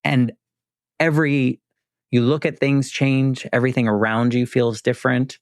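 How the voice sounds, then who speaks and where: A man hosts an interview podcast. He asks his questions hesitantly and restarts his sentences often. His voice sits at a middle pitch in a dry, close recording. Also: little pitch movement, moderate pace, dry recording. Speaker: podcast host.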